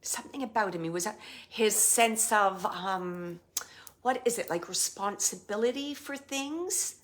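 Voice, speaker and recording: Slow soft-talking woman doing a medium reading, halting, keeps dropping to a whisper. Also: mid-range voice. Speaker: psychic medium. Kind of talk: live spirit reading.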